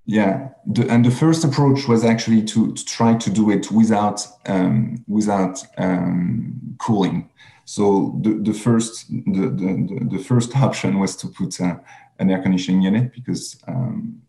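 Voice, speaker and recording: Man, French accent, low gravelly voice, mellow tone, halting presentation full of fillers. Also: fairly even intonation. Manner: halting, many fillers and restarts. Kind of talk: webinar presentation.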